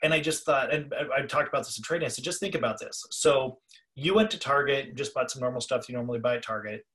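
A man's voice: medium pitch, steady tone, quick pace, a bit bright. A man co-hosting a podcast about listening skills, telling a story and acting out the people in it. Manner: storytelling, acts out quoted callers. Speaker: podcast co-host, trainer. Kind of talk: conversational podcast talk.

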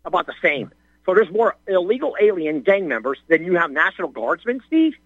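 An older male caller rants in quick bursts, his high voice swinging widely up and down. He stumbles and restarts as he talks. The slightly husky sound comes over a muffled, dry phone line. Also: sing-song, dry recording. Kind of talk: ranting call-in talk.

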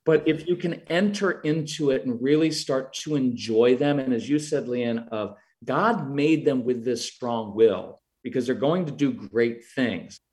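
A man's voice: medium pitch, a little slow, hardly any pauses, darkish tone. A middle-aged man answering interview questions about parenting, earnest and explanatory, sometimes acting out what he says to children. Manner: earnest, acts out quoted lines to parents and kids. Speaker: parenting guest expert.

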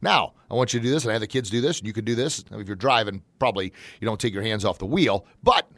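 A man hosting his own motivational talk show in a folksy, upbeat manner that jumps into excited shouts when he acts out examples. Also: on the low side, quick pace, no echo.

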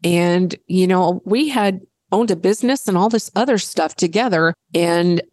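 A middle-aged woman talks candidly in an interview, blunt and unfiltered, cursing now and then and circling back over her words. Her voice sits a little low for a woman. The sound is close and dry, with no room around it. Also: moderate pace, darkish tone, dry recording. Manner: blunt, swears freely, repeats phrases while thinking. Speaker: guest. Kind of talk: candid personal storytelling.

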